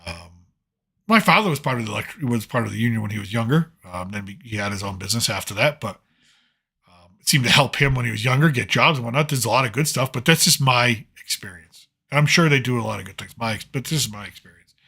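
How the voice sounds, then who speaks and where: Bright-voiced man rambling through stories. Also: medium pitch, animated, fast, gravelly, slightly rough. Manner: rambling, digressive storytelling with frequent "so anyways". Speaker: host. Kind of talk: casual monologue.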